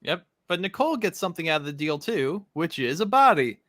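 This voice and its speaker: A man co-hosting a podcast, recapping a story in casual chat with relaxed fillers. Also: a little high, brisk, dry recording, clean studio sound. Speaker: podcast co-host.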